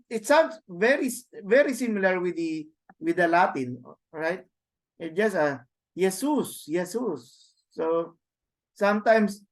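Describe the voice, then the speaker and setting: A man with a Filipino accent teaching a Greek class, halting and repeating words, often adding a questioning "no?". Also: high-pitched, a bit bright. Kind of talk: classroom lecture.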